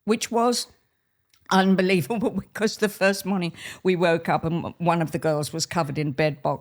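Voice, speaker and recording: An older woman from Australia, telling lively stories of her dancing career as a podcast guest and laughing as she goes. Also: lowish voice, normal speed. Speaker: guest, former ballet soloist. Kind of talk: anecdotal storytelling in conversation.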